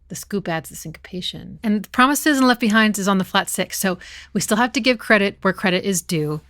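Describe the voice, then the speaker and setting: A woman's voice: medium pitch, expressive, moderate pace, noisy background. Chatty woman analysing a song. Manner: chatty and enthusiastic, hums and sings snippets. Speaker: musician and channel host. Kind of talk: casual music analysis commentary.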